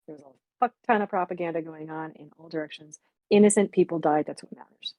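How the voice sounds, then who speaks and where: A woman's voice: low-pitched, quick pace, no echo, narrow, tinny audio. A woman in her sixties reminiscing candidly and reflectively, speaking frankly and swearing bluntly at times. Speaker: memorial stream guest.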